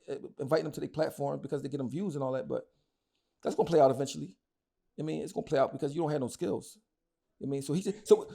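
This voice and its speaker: Philly guy in an interview, talks real fast and blunt, gravelly voice. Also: on the high side, warm tone. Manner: blunt, heated, repeats himself. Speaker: guest. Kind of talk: casual interview talk.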